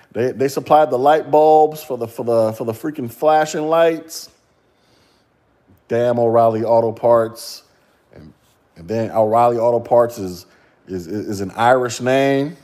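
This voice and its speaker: A man's voice: mid-range voice, measured pace, long pauses, warm tone. A man hosting a solo podcast rant, mocking and profane, laughing and firing rhetorical questions. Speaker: podcast host.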